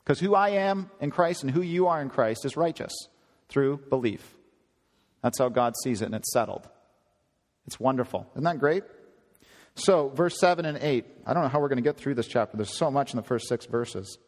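A man preaching a conversational sermon, often climbing higher in pitch for emphasis. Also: normal speed. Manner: conversational, animated, rising to high emphasis. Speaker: pastor. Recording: long hall reverb.

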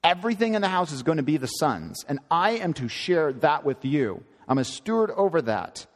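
A man's voice: on the high side, very animated, moderate pace, in a large hall. A man preaching a sermon in an earnest, emphatic teaching manner, often repeating and correcting himself.

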